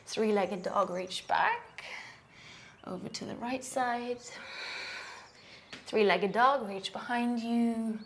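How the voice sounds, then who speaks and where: Female yoga teacher, young adult, slow deliberate cueing, warm encouragement, counts holds out loud. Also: a little high, creaky, slight background noise. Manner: calm, encouraging cues, counting holds aloud. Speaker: yoga instructor. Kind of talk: guided yoga class cueing.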